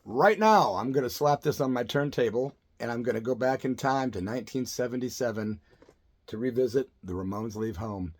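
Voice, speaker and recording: A man's voice: mid-range voice, animated, moderate pace. A man in his fifties, a veteran radio DJ, telling a personal story in a laid-back, rambling way and dropping "man" into his sentences. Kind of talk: casual storytelling to camera.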